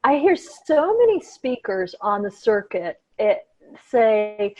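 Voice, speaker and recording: A woman in her fifties hosting a podcast, talking in a lively, animated way. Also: mid-range voice, slow, lo-fi sound. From Georgia, USA. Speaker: podcast host. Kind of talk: casual podcast chat.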